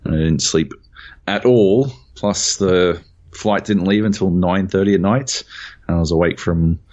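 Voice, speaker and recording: Swearing man, lively lo-fi podcast. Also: deep voice, a little slow. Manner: animated storyteller, swears a lot. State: jet lagged. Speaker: podcast co-host. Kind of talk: casual chat. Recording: dull lo-fi audio.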